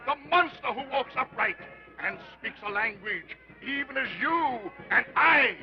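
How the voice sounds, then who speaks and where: An actor playing a brash carnival barker, shouting sales patter in a 1930s film. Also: male voice, very high-pitched, animated, a little slow, full character voice. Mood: hawking. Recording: dull lo-fi 1930s film sound with music.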